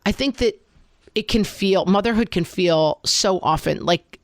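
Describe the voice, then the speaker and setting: A woman's voice: mid-range voice, measured pace, no room sound, clean studio sound. A woman co-hosting a podcast about motherhood, thinking aloud in casual chat with many "like" fillers.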